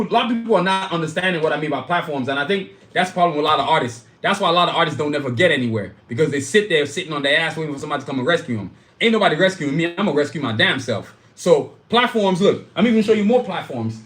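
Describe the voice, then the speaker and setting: Fast-talking blunt man in an echoey room. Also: a little high, fairly bright tone. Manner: blunt, emphatic, says "y'all" and "you know what I'm saying". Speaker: independent animation creator. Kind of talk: casual talk to camera showing merchandise. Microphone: phone camera.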